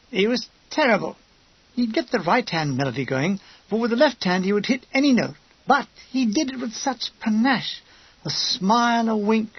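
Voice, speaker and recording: Male narrator, wry comic memoir, high voice, husky, lo-fi dry recording. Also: no echo. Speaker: audiobook narrator.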